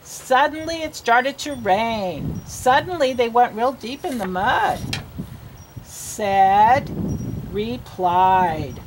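A woman's voice: fairly high pitch, animated, drawn-out words, background noise. A woman reading teacher giving a patient one-on-one reading lesson, sounding out words and coaxing a child along.

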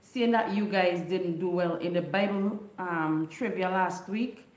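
Woman, livestream host, unhurried chatty delivery, echoey room. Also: lowish voice, darkish tone. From Caribbean island. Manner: chatty, greets viewers by name, laughs often. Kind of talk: casual livestream chat.

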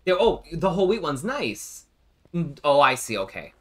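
A man's voice: fairly high pitch, very animated, normal speed. A man streaming a game live, chatting casually and joking with viewers and a teammate. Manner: chatty, jokey, thanks viewers mid-game. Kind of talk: casual live-stream chat while playing.

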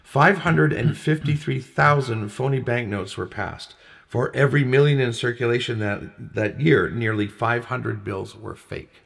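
A man's voice: mid-range voice, unhurried, creaky, fairly bright tone. A man co-hosting a casual talk show, reading out facts and list items and chuckling often. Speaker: co-host.

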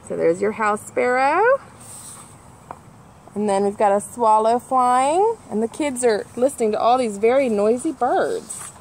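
A woman reading a children's picture book aloud as a nature center educator, animated and imitating bird calls as she points out the pictures. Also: medium pitch, unhurried, a little hiss or hum.

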